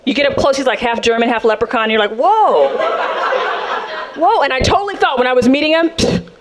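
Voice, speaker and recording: A woman from South Central Los Angeles doing a stand-up comedy set, sassy and animated, acting out the people in her stories. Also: sits high, rapid-fire. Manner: sassy, animated, acts out characters. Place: comedy club stage with audience. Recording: live club, loud crowd laughter. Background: audience laughing.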